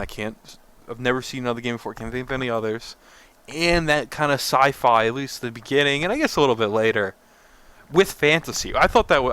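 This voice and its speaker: Young guy cohosting a gaming podcast, bright crisp voice, rambly and relaxed. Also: medium pitch. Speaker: podcast co-host. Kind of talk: casual gaming chat.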